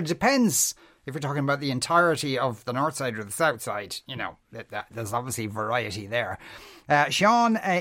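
A man's voice: a little high, fairly bright tone. A man presenting a radio show, reading out listener messages in a chatty, wry, thinking-aloud way. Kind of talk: casual radio talk.

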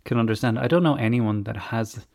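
Male host, casual chat, jokey and animated, mid-pitched. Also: a little fast, creaky, dry recording. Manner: joking, animated. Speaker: podcast host. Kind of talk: casual chat, reading a listener's email.

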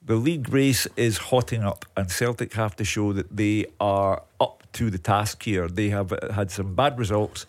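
A man's voice: lowish voice, moderate pace, hardly any pauses. A man giving blunt, assertive football punditry in a radio studio.

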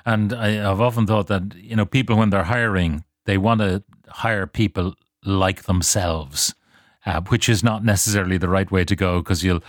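An older man hosting a radio interview, speaking in a measured, hesitant, thoughtful way. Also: sits low, steady tone, no echo, studio quality. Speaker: radio host.

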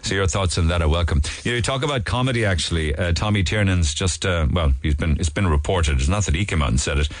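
A man's voice: low-pitched, quick pace, hardly any pauses, no room sound. A man with an Irish accent hosting a radio show, chatting his way through the morning papers with digressions, restarts and asides. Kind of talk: casual newspaper review chat.

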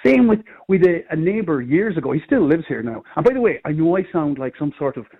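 A middle-aged Irish man, a comedian, telling rambling, animated anecdotes in casual chat. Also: on the high side, fast, slightly rough, narrow, tinny audio. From Ireland. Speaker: comedian guest. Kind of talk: casual storytelling.

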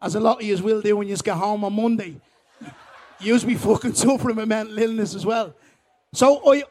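A man's voice: sits high, darkish tone. A man with a Dublin accent telling jokes and stories live on a festival stage, rambling and swearing and laughing as he goes. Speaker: guest comedian. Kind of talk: live stand-up storytelling.

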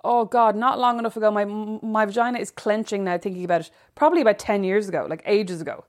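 A woman's voice: mid-range voice, fairly even intonation, fast. A woman tells stories on a podcast in a mid-range voice. She is self-mocking and laughs easily as she talks. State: pregnant. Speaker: podcast co-host. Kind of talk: casual chat.

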